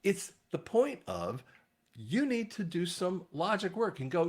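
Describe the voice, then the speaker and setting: A man talking casually to his viewers in a rambling monologue, often restarting his sentences. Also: unhurried. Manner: rambling, frequent restarts, animated swings in pitch. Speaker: online commentator.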